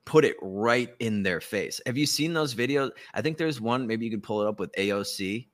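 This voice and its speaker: Male podcast host, mid pitch, sarcastic and profane, loose conversational delivery. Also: animated, moderate pace. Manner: profane, sarcastic, laughs often. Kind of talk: casual political chat.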